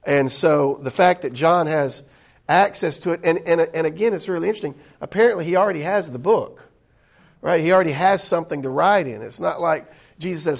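A man's voice: a little high, fairly quick, creaky. A man teaching a Bible study class in an indoor room, talking conversationally with many fillers and restarts.

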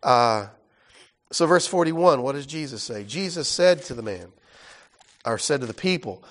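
A man's voice: mid-range voice, animated, normal speed, pauses often, fairly bright tone. A man teaching a Bible study class in a casual, explanatory way, often checking in with his listeners.

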